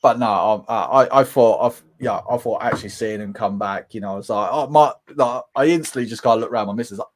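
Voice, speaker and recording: Hosting a relaxed live-stream chat, this British man speaks in a lowish voice. He's lively, laughs a lot, and keeps slipping into quick impressions.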